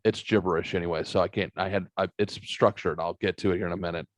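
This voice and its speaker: A man's voice: low voice, steady tone, fast talker, no echo. A man co-hosting a podcast, telling a rambling, profane story in casual banter. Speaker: podcast co-host.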